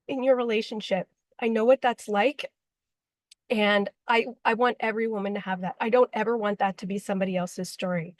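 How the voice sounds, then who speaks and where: A woman's voice: mid-range voice, fairly even intonation, normal speed, dry recording. Earnest woman relationship coach, dry sound. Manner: emotional, heartfelt, with frequent fillers. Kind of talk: earnest direct-to-camera talk.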